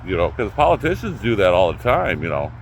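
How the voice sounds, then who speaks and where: A deep-voiced middle-aged man rants unscripted outdoors, blunt and full of swearing. His pitch jumps around a lot as he moves from loud outbursts to low muttering. Faint traffic and street noise hum behind him. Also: very animated, a little fast, highs cut off. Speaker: YouTube channel host. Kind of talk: unscripted rant to camera.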